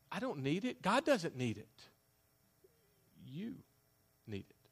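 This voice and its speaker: A man preaching a sermon as a pastor, emphatic, with loud declarations that drop to hushed asides. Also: a little high, animated, unhurried, pauses often.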